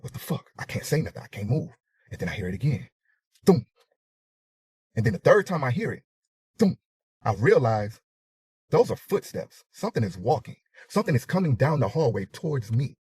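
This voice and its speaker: A man's voice: fairly low pitch, a little mellow, breathy edge, no echo, clean studio sound. A man telling a personal story dramatically, swearing freely and acting out sounds and his own panic. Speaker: storyteller in a reacted clip.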